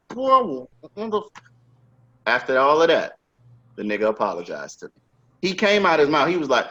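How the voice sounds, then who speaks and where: A man's voice: medium pitch, wildly swooping pitch, fairly quick, long pauses, fairly bright tone. A man hosting a podcast, telling a work story in casual, emphatic and profane chat. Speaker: podcast host. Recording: dull lo-fi sound.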